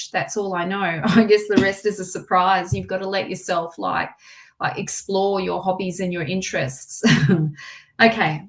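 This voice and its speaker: A woman giving a live-stream tarot card reading. She repeats her phrases and reads viewer comments aloud. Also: medium pitch. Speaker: tarot reader.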